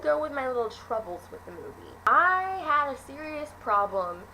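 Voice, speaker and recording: A woman's voice: high voice, sing-song, normal speed, few pauses, background noise. Gushing teenage girl rambling about a film. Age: teens. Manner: gushing, rambling with many fillers and restarts. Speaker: vlogger reviewing a film. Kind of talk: casual chatty review.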